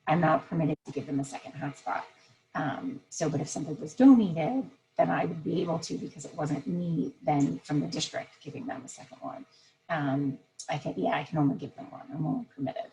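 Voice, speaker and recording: A middle-aged woman with a low, gravelly voice speaks earnestly as a school principal, halting often and restarting her thoughts. She sounds moved, close to tears. A faint hum sits behind her. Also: dark tone, low-quality recording. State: emotional, near tears. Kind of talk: casual interview.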